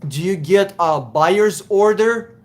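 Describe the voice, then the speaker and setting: Man hosting a live Q&A stream, high voice, blunt and profane, repeats words for emphasis. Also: animated, takes it slowly. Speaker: host answering viewer questions.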